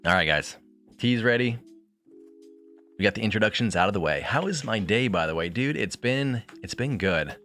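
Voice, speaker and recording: A man's voice: lowish voice, animated, normal speed, fairly bright tone, faint music behind. A man streaming from his bedroom, chatting reflectively with viewers and reading a book aloud in a rambling, casual way.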